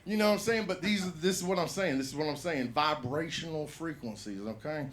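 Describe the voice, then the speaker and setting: A man's voice: a little high, brisk, a bit bright. Rambling profane man on stage. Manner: rambling, profane storytelling with laughs. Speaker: stand-up comedian. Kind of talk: open mic stand-up set. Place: comedy bar stage.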